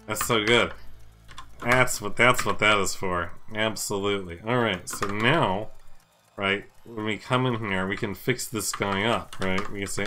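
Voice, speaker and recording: A man live-streaming his game programming, thinking out loud in casual chat, repeating himself and talking to his viewers. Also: fairly low pitch, unhurried, slight background noise.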